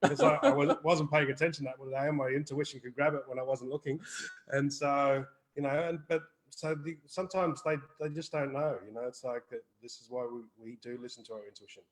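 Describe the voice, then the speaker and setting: A man's voice: medium pitch, fairly even intonation, a little fast, a little hiss or hum, rough recording. A man co-hosting a live wellbeing Q&A, talking earnestly in a rambling way, repeating words and swearing casually. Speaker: wellbeing co-host. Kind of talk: live Q&A chat.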